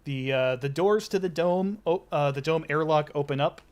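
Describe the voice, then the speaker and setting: A man narrating as game master of a tabletop game, relaxed, with many fillers and restarts. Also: fairly high pitch, moderate pace.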